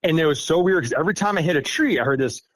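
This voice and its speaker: A man's voice: fairly high pitch, lively intonation, racing, no echo. A middle-aged man from Iowa, a podcast guest telling a personal story casually, rambling and self-deprecating with many fillers. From Iowa, United States. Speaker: guest recounting an encounter.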